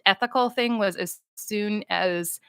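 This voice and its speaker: A woman's voice: mid-range voice, measured pace, fairly bright tone, clear, resonant tone, dry recording, clean studio sound. A woman from the United States, chatting casually on a livestream with fans, goofy and rambling as she reads chat comments aloud.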